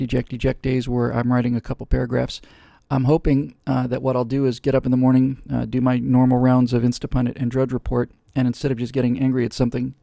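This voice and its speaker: A man's voice: mid-range voice, gravelly, dark tone, no room sound, studio quality. A man hosting a live webcast, talking casually and rambling with many fillers and restarts. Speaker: host.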